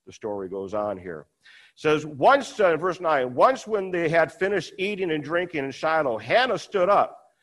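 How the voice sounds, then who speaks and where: A man's voice: sing-song, moderate pace, fairly bright tone. A man preaching a conversational sermon, retelling a scripture story and acting out the quoted lines. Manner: conversational, acts out quoted dialogue with rising pitch.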